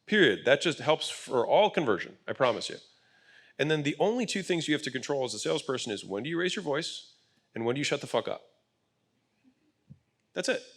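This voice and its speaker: A man's voice: a little high, sing-song, a little fast, long pauses. A man speaking on stage at a business event, explaining his ideas in a blunt, emphatic way, with casual swearing. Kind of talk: conversational panel talk. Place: event stage with live audience.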